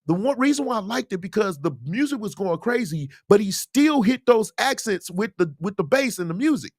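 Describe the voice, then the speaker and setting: Male host, casual livestream Q&A, emphatic and lively, high voice. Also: brisk, no room sound, studio quality. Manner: animated, emphatic, preachy asides. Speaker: host, musician.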